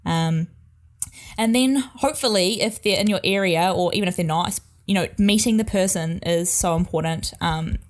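A woman's voice: lowish voice, moderate pace. A young adult woman, a wedding photographer, chatting casually with many fillers and laughs. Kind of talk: casual podcast chat.

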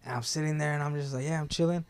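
A man's voice: fairly high pitch, fairly even intonation, rapid-fire, clean tone. A young man telling a story in casual talk, laid-back and profane, with lots of filler words.

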